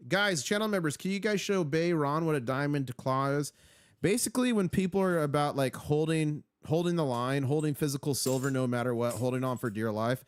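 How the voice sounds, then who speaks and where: Reading viewer comments on a casual live stream, a male host sounds upbeat and rambling, with fillers and restarts. His voice is mid-range, and the recording is dry.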